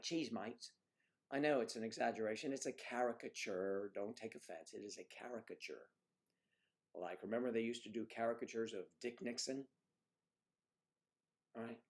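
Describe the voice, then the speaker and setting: A man hosting a livestream, chatting casually and rambling as he reads out viewer comments. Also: mid-range voice. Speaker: livestream host.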